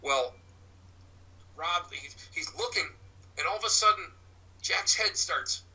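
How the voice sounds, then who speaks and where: A man who works as a psychic medium and teaches mediumship, telling rambling stories in a halting way, often restarting his words. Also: high-pitched, expressive, pushed and bright, recorded from a distance, poor audio. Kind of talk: rambling anecdotal storytelling.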